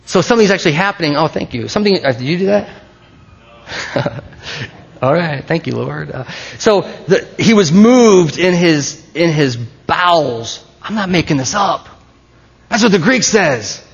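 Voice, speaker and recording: A man preaching in a loose, conversational style, breaking off and restarting his sentences. His voice sits a little on the high side, and the recording sounds somewhat dull and lo-fi. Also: animated, measured pace, gravelly, slightly rough. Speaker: pastor. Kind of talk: sermon.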